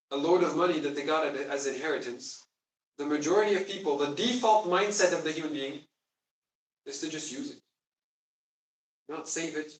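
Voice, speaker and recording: A man teaching a Quran class, explaining emphatically and quizzing his students. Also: a little high. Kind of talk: classroom lesson. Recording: echoey room, distant mic.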